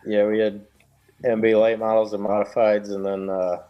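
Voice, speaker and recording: A man from Minnesota guesting on a racing podcast, answering in a plainspoken, steady way. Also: on the low side, normal speed, muffled recording. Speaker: guest race driver. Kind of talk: casual interview.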